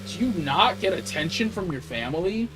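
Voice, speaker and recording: A man with a high, very animated voice livestreams gameplay at a moderate pace, ranting casually and swearing heavily. Music plays clearly behind the game stream, along with background noise.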